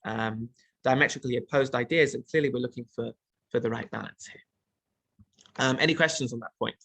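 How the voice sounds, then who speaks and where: A man's voice: mid-range voice, fairly bright tone, no room sound. A man teaching a text study class, reading Hebrew phrases and explaining them as he goes, with frequent restarts. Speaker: Torah teacher.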